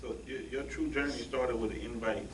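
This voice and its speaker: A man's voice: mid-range voice, fairly even intonation, moderate pace. A man hosting a church interview, earnest and preachy, often repeating a word as he starts a sentence. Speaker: host. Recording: echoey room, distant mic, faint noise.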